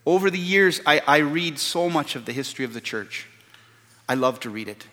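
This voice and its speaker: Male pastor, earnest sermon, fairly high voice, long hall reverb. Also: expressive, moderate pace, sharp tone. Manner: earnest, repeats words when stressing a point.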